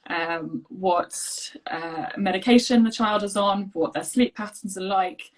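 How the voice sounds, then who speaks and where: A woman's voice: medium pitch, measured pace, rough recording. A woman, an allergy coach, talking casually over a video call with lots of fillers and restarts. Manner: chatty, many fillers and restarts. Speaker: allergy health coach, guest. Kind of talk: casual conversational interview.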